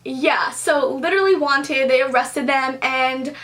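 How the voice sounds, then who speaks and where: A young woman talks straight to her camera in a storytime vlog. Her voice sits high, and she tells the story casually and animatedly, leaning on "like" and acting out what everyone said. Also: a little slow. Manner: animated, expressive, heavy use of "like", acts out quotes. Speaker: vlogger.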